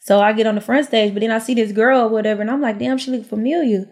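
Animated young woman with a drawl. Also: a little high, quick pace. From Houston, Texas. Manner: animated, acts out quotes, frequent "like" and "um". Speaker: podcast guest storyteller. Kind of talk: casual storytelling chat.

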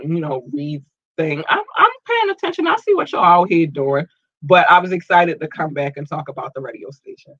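Upbeat male podcast host, animated, slightly high voice, dry close sound. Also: no echo, dull audio. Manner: upbeat, animated, stumbles over place names. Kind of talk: casual shout-outs to listeners.

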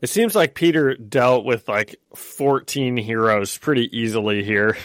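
A man's voice: mid-range voice, a little slow, fairly bright tone, no echo, studio quality. A man co-hosting a comic podcast who gives blunt opinions and laughs easily. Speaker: podcast co-host. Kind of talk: casual comic book chat.

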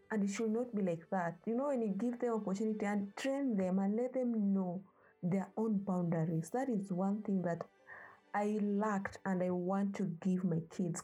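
A young African woman with a warm, husky, mid-range voice speaks on a rough recording. Impassioned and earnest, she shares her personal views and pleads with parents.

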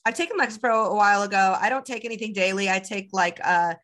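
Energetic chatty woman host. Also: medium pitch, fast talker. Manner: energetic, chatty, laughs often. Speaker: podcast host. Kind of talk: casual podcast conversation.

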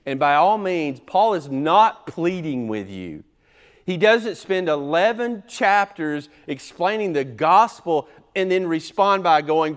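A pastor preaching an expository sermon, methodical and emphatic, his loudness rising and falling sharply as he drives points home. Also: on the high side, animated, unhurried, clean tone.

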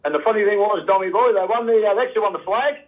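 A man's voice: high voice, very fast, lo-fi sound. An older man with an Australian accent, calling in to a radio show and rambling in casual chat, calling people "mate" again and again. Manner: rambling, says "mate" constantly. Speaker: radio caller.

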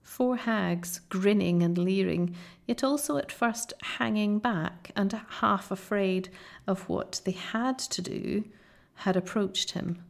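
A woman reading a children's novel aloud in a measured, dramatic storytelling manner. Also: mid-range voice, gravelly. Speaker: audiobook narrator.

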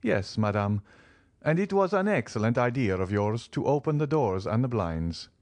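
A man's voice: medium pitch, sing-song, normal speed, a little mellow, dry recording, pitched above the performer's own voice. A man voicing a reserved, courteous count with formal, restrained politeness in an audiobook reading. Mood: courteous, guarded.

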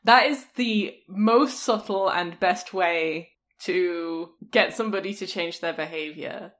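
A woman co-hosting a podcast, talking in a chatty, animated way. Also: on the low side, takes it slowly. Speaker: podcast co-host. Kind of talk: casual chat.

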